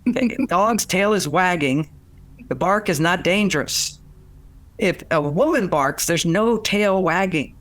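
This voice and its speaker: An older man giving relationship advice in a lively storytelling way, acting out what people said and laughing often. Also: sits high, measured pace, no room sound. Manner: animated, acts out quoted voices, laughs often. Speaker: relationship author and guest.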